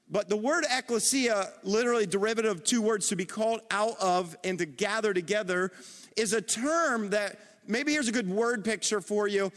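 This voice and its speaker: A middle-aged man preaching a sermon as pastor, animated and calling on the congregation to respond. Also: high voice. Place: church auditorium. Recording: long reverb of a large hall.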